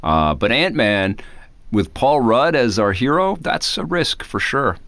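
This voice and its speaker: A man's voice: mid-range voice, sing-song, a little slow, fairly bright tone. A man in his thirties co-hosting a casual chat, enthusiastic and rambling with frequent restarts. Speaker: podcast co-host.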